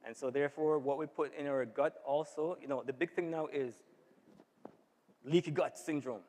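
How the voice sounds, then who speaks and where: Man, health seminar speaker, slightly high voice, chatty and casual, long church hall reverb. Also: steady tone, moderate pace, a little mellow. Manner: conversational, often asks the audience "right?". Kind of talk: informal health talk to a church audience.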